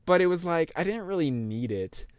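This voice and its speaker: A man's voice: a little high, animated, normal speed, smooth, no echo, clean studio sound. A young man casually rambling through an anime review, full of fillers and restarts.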